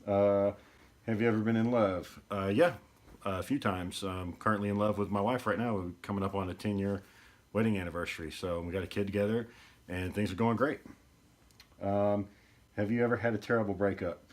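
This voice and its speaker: A deep-voiced man, talking to camera as a podcast host. He rambles in an easygoing, unpolished way. His low, heavy voice carries the whole casual chat. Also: fairly even intonation, a little fast. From East Texas. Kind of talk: casual solo video podcast talk.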